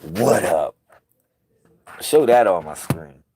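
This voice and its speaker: A man talking casually to his viewers, excitable and slangy, repeating himself and swinging from loud bursts to quiet murmurs. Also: low-pitched, slow. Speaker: video creator.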